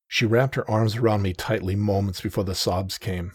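A man reading a first-person romance story aloud in a soft, tender, measured way. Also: fairly low pitch, fairly even intonation, slightly rough, no room sound, studio quality. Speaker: narrator.

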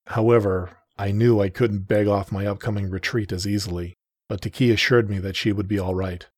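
A man reading a first-person romance story aloud in a soft, tender, measured way. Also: lowish voice, husky, no echo, studio quality. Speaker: narrator.

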